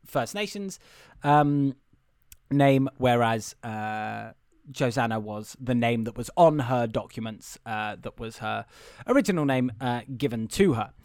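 A man's voice: medium pitch, lively intonation, measured pace, darkish tone, no room sound, studio quality. A young man who hosts a podcast, giving a casual, rambling, profane and amused recap of a film. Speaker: podcast host.

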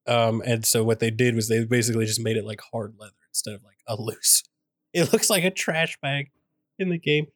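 A man co-hosting a podcast in casual chat, halting and laid-back with frequent restarts. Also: mid-range voice, dry recording, clean studio sound. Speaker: podcast co-host.

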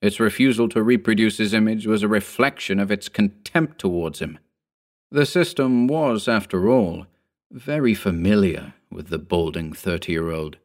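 Brief: male storyteller, lowish pitch, measured and wry scripted narration. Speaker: narrator and author.

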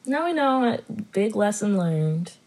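Young woman, kinda breathy, voice bounces all over, sarcastic little comments about a movie. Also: medium pitch, big pitch swings, takes it slowly, darkish tone, poor audio. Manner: dry, sarcastic asides. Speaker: podcast co-host. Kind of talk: casual chat about a movie.

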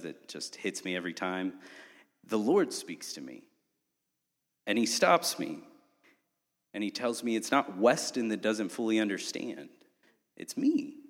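Animated storytelling man, long reverb. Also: deep voice. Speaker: preacher. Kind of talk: sermon storytelling.

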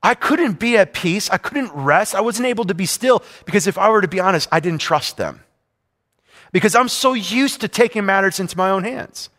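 Long hall reverb surrounds this preacher's high, fairly bright voice as he delivers a sermon. He recounts a personal story in an earnest, confessional tone, frequently repeating himself.

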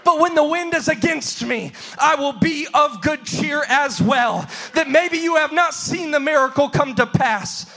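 A man preaches with a strikingly high, bright, ringing voice. He swings between quiet asides and shouted, half-sung refrains, driving his sermon in a rhythmic sing-song cadence. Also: animated, a little slow, hardly any pauses, faint music behind. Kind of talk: pentecostal-style sermon.

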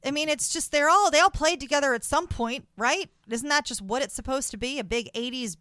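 A woman hosting a podcast who talks in a gushing, excitable way in casual chat. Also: high-pitched, a little fast, no echo, clean studio sound. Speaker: podcast host.

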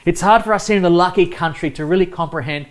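A man's voice: high voice, fast talker. A man with an Australian accent preaching a sermon while baking bread, earnest and emphatic, speaking straight to his listeners.

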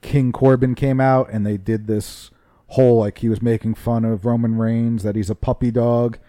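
A man in casual chat, animated and swearing as he retells quotes. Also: medium pitch, normal speed, no echo, clean studio sound. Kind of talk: casual chat about pro wrestling.

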